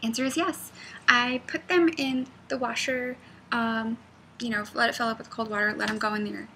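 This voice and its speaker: A woman's voice: on the high side, steady tone, normal speed, bright, forceful tone, a little hiss or hum. A woman knitting designer chatting casually, rambling off on tangents and often dropping to a near-whisper. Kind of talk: casual vlog chat.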